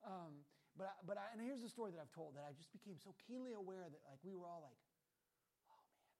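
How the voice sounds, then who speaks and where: Animated storytelling male pastor. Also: sits high, fast talker. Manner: animated storytelling, swinging between soft asides and loud emphasis. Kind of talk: sermon.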